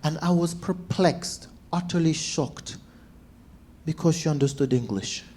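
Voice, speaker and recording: A man, a stand-up comedian telling stories to a crowd and acting out shouts and quoted voices. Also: fairly high pitch, unhurried, a little hiss or hum. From Zambia. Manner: animated, acts out shouts and quotes. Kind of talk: stand-up storytelling.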